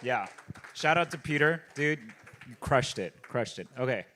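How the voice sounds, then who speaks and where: A man's voice: mid-range voice, animated, moderate pace, sharp tone, a little hiss or hum. Eager young-sounding male presenter. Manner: eager, casual slang. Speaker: conference speaker. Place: conference stage.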